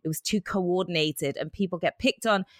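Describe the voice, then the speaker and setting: A woman from England with an English accent that has picked up a slight American twang, co-hosting and chatting casually, quick to laugh. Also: lowish voice, no room sound, studio quality. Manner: chatty, laughs often, animated storytelling. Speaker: podcast co-host reading news. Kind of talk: casual chat.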